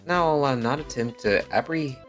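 A man's voice: mid-range voice, normal speed, fairly bright tone, faint music behind, voice pushed up, lightly acted, low-quality recording. A man playing a stiff, formal guard robot. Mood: earnest.

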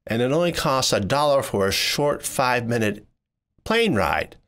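A man narrating a personal story in the first person, voicing it expressively and jumping higher when he quotes people. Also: moderate pace, gravelly. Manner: expressive, jumps high when quoting people.

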